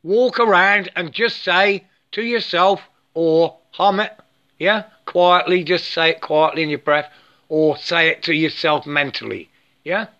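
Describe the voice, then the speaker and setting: A man's voice: high voice, steady tone, a little slow, pushed and bright. A middle-aged man giving a rambling spiritual monologue, emphatic and repetitive, forever checking with "yeah?" and slipping into chanted mantras. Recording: dull lo-fi recording.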